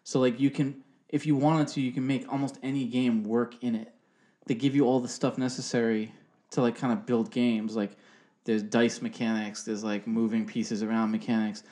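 A man's voice: medium pitch, level tone, moderate pace, mellow. A man in his thirties, co-hosting a podcast, chatting in a rambling, casual way and swearing freely. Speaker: podcast co-host. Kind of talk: casual chat.

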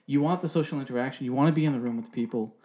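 A man's voice: medium pitch, rapid-fire, warm tone. Rambling, profane man in his thirties. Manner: rambling, swears casually. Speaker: podcast co-host. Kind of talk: casual chat.

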